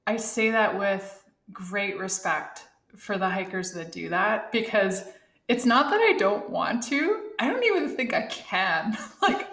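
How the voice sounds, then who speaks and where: A woman's voice: mid-range voice, animated, a little slow, a bit bright, echoey room. A middle-aged woman speaking as an interview guest, earnest and heartfelt, talking reflectively with restarts. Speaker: guest, Olympic athlete and thru-hiker. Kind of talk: reflective casual interview talk.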